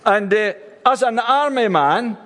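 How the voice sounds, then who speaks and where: High-ish male preacher, stops and restarts a lot, echoey hall. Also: expressive, bright, forceful tone. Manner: halting, repeats words, wry asides. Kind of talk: sermon. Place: church service streamed online.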